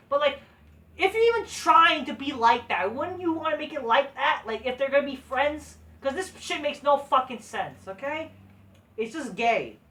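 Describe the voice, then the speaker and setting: A woman's voice: high-pitched, a bit bright. A woman reviewing a wrestling show in a crude, profane, scornful rant. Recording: voice distant from the mic.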